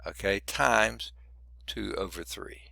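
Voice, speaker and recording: A man who is losing his voice teaches a math lesson, working through each step out loud with muttered asides. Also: fairly low pitch, slow pace, vocal fry, dry recording. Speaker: math instructor. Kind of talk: recorded lecture working through problems.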